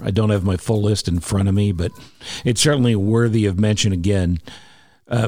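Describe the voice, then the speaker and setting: A man's voice: on the low side, darkish tone. A man hosting a podcast, reading an ad and a charity plug in a chatty, emphatic way that repeats key points. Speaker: podcast host. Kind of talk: casual podcast talk with ad read.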